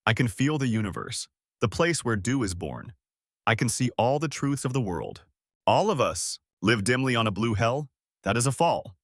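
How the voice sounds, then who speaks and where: A man's voice: medium pitch, sing-song, normal speed, dry recording, studio quality. A man voicing a dazed, mutated male convict speaking in a trance. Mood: trancelike.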